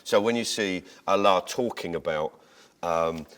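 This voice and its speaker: A man being interviewed as a comedian, telling jokes and stories in an animated way, restarting his sentences as he goes. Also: sits low, a little slow, clear, resonant tone. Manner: animated, tangents and restarts while retelling jokes. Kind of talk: conversational interview storytelling.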